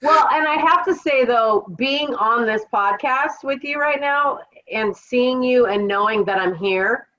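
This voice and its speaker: A woman from Washington State's Kittitas Valley tells her life story as a podcast guest, reflective and unhurried with some fillers. The sound is slightly dull and lo-fi, like a remote call line. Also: a little high, a bit bright. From Kittitas Valley, Washington, USA. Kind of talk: casual interview storytelling.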